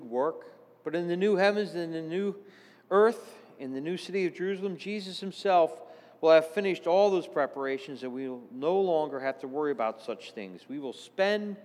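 Man preaching in a reverberant church. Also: on the high side. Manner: earnest, swings between hushed and exclaiming. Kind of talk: sermon.

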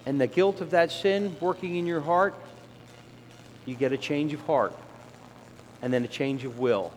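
A middle-aged man delivers a conversational sermon and now and then slips into the voices of sinners and children. His voice sits a little high. It rings with long reverb through a church hall, over a faint room hum. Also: measured pace. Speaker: preacher.

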